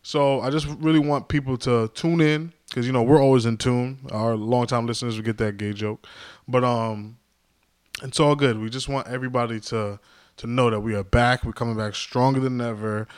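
A man with a medium-pitched, clear, resonant voice speaks at normal speed with fairly even intonation in a dry, clean studio recording. Hosting a podcast alone, he rambles through a casual monologue that's jokey and self-mocking.

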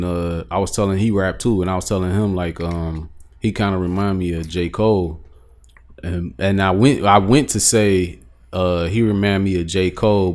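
A man with a very low voice in casual podcast chat. He makes laid-back, dry remarks between his co-host's stories. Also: a little mellow. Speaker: podcast co-host.

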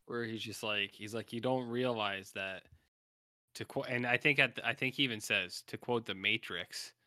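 A man with a fairly low but sharp, bright voice offers hedged opinions in a relaxed podcast chat. The sound is dry and close, with no room around it. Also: normal speed, dry recording. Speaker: podcast co-host. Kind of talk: casual film discussion.

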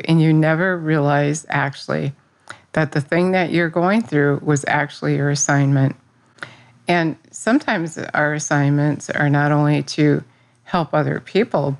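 Speaking low, steady and unhurried, a middle-aged woman who teaches Bible study shares a personal faith testimony. She is earnest and rambling, restarting sentences and using fillers.

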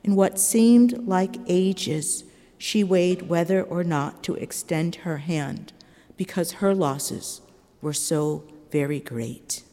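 A woman's voice: lowish voice, mellow. Woman preaching in a reverberant hall. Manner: measured, earnest storytelling. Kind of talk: sermon. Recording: long reverb of a large hall.

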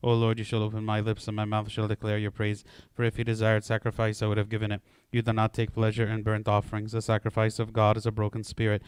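A man leading liturgical prayers in a steady, even recitation, with short chanted responses. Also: lowish voice, fast, few pauses, smooth, no room sound. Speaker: prayer leader.

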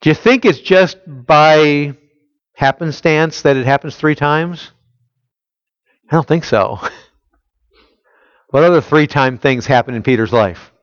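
A man preaching in a conversational way, leaning hard on key points and putting rhetorical questions to his listeners. His voice sits a little high for a man. The recording is dry and slightly muffled, with little room sound. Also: measured pace, long pauses, no echo. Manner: conversational, emphatic, asks the congregation rhetorical questions. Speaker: pastor. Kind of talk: expository sermon.

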